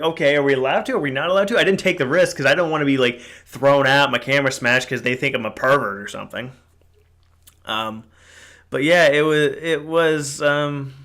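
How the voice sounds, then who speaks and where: A man's voice: medium pitch, sharp tone. Young man rambling on a podcast. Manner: rambling, swears freely, lots of fillers. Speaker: podcast host. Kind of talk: casual solo podcast monologue. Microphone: podcast mic.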